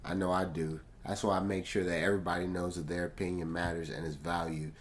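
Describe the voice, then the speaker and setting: Talking fast in a low-pitched voice with little pitch movement, a man gives a laid-back, slangy track-by-track album review directly to viewers. Faint music plays behind him, along with a little hiss or hum.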